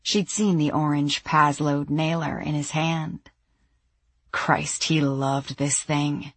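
A woman narrates a thriller audiobook in a husky, low voice. Her pace is slow and measured, with tension underneath. The sound is dry and close. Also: fairly even intonation, dry recording. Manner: measured, tense storytelling.

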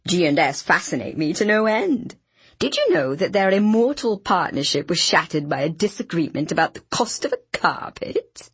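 A woman's voice: on the low side, sing-song, moderate pace, slightly rough, no room sound, heavily acted. Woman doing a gushing tiny man. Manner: theatrical, gushing exclamations. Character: tiny flamboyant man, effusive music lover.

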